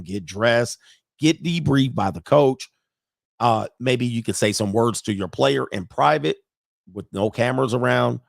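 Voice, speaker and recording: A man hosting casual sports commentary, animated and laughing often, with sudden high-pitched outbursts. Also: creaky, no echo, studio quality.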